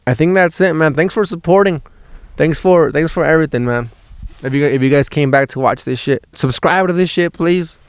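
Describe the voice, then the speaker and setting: A man's voice: fairly high pitch, normal speed, smooth, dry recording. A man, a stand-up comedian on a road trip, telling a rambling story in a casual, profane way, often restarting his words and laughing as he goes.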